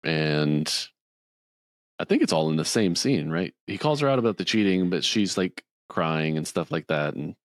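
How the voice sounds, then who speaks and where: This podcast co-host has lively intonation and a moderate pace, captured in a dry, clean studio recording. Chatting casually, he rambles through a film's story and performs the characters' dialogue in higher voices.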